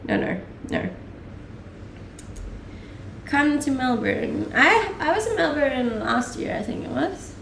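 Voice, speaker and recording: A young Danish woman on a live stream answers viewer questions casually, with frequent laughs and lots of fillers. Her high, gravelly, somewhat bright voice swings widely in pitch, moving slowly with frequent pauses. The sound is echoey, the mic a little distant, with a slight hiss or hum.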